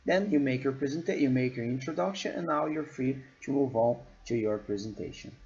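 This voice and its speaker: A man's voice: medium pitch, a little fast, a little mellow. A man gives an English lesson in a patient, repetitive way and checks in with the listener after each point. The sound is dull and lo-fi. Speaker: English teacher. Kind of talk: giving feedback on a recorded presentation.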